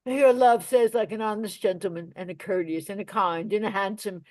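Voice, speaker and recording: A woman's voice: mid-range voice, normal speed, warm tone, natural voice. A woman reading the part of an old, chattering female nurse, rambling and complaining with big swings in volume, in a Shakespeare play reading. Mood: teasing.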